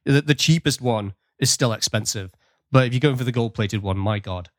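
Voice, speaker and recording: A man's voice: mid-range voice, fairly quick, no echo, clean studio sound. A man from Britain hosting a podcast, chatting casually and laughing often. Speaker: podcast host.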